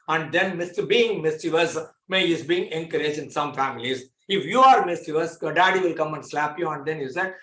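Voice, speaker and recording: A man's voice: fairly high pitch, lively intonation, a little fast, sharp tone. A man giving a lecture to a class, explaining with homely examples and repeating phrases for emphasis. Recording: echoey room.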